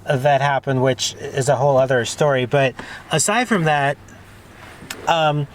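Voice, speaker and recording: A man's voice: mid-range voice, measured pace, a little hiss or hum. A man hosting a casual conversation, talking in an earnest, rambling and emphatic way. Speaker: host.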